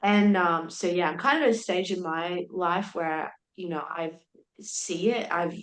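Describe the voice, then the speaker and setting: The roomy echo frames a young adult woman's fairly low, slightly slow voice as she retells a personal story on a podcast. It's candid conversation, full of laughter and animated quotes acting out what people said.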